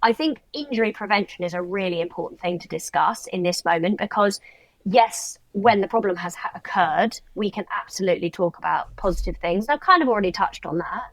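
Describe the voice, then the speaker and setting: A woman's voice: medium pitch, expressive, brisk, no room sound. A woman co-hosting a casual podcast chat, explaining horse training in a practical, thoughtful way.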